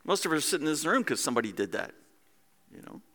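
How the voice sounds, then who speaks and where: A man preaching a sermon as pastor, animated and acting out scenes in different voices, in a church hall. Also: fairly high pitch, racing.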